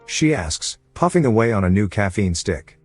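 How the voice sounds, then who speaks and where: A male audiobook narrator with a low, husky voice, telling the story in the first person. He keeps a steady, low-key delivery, with soft music underneath. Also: moderate pace, no echo.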